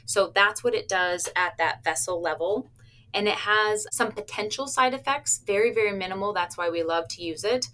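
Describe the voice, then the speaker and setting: A woman's voice: medium pitch, normal speed, fairly bright tone. A woman who works with cardiac stress tests, answering interview questions in an upbeat, plain-spoken way with small laughs. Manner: upbeat, explains plainly with little laughs and playful patient quotes. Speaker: cardiac stress test staff member.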